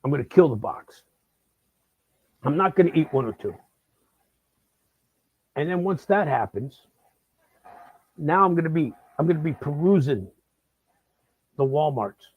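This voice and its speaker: A man's voice: fairly high pitch, animated, a little slow, pauses often, husky, dry recording. A man hosting a comedic live-stream monologue, rambling and stammering with lots of repeated words. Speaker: host. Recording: slightly dull lo-fi sound.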